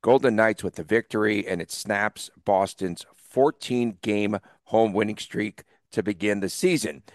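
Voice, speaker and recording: A man hosting a sports podcast in casual, upbeat chat, talking in quick runs with some fillers. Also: lowish voice, dry recording, studio quality. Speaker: podcast host.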